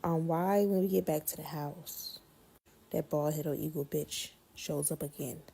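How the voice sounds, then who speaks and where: A woman telling a casual storytime, animated and blunt, swearing freely and repeating words for effect. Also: low-pitched, unhurried, gravelly, husky.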